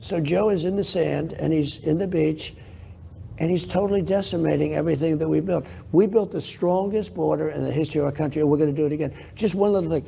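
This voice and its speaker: An older man gives rambling, boastful answers in a television interview, circling back to repeat his own points. His voice is gravelly and very dark, with a slightly higher pitch than most men. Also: quick pace, a little hiss or hum. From New York. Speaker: interview guest.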